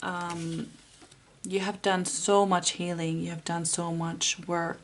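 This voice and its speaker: A woman giving a pick-a-card tarot reading, talking softly and encouragingly with frequent pauses and fillers. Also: on the low side, flat delivery, slight background noise. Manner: soft, unhurried and encouraging, with many fillers.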